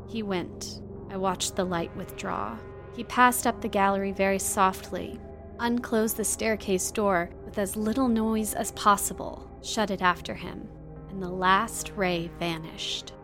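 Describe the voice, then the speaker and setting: A woman reads a first-person novel as an audiobook, her delivery measured and dramatic. Her voice sits at an ordinary pitch for a woman. Soft music plays faintly in the background. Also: steady tone. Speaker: audiobook narrator.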